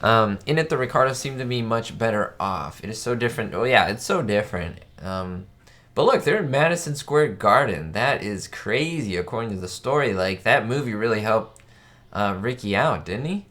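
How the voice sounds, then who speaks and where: A man's voice: lowish voice, lively intonation, moderate pace, a bit bright. Chatty man hosting a live stream. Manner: chatty and enthusiastic, reading viewer questions aloud. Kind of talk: casual live stream commentary.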